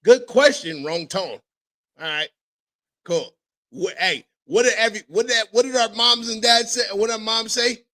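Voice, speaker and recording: Brief: high-pitched, sharp-toned man hosting a podcast, lively swings in pitch, cursing freely as he tells stories. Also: normal speed. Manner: animated storytelling, profane, mimics others. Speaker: podcast host; father. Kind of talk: casual podcast chat.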